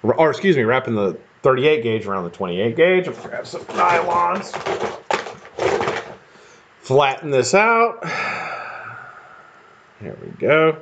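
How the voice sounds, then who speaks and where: A man's voice: medium pitch, sing-song, a little slow, long pauses, noisy background. An American man hosting a live stream, chatting casually and rambling with casual swearing while he builds coils. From United States. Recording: dull lo-fi stream audio.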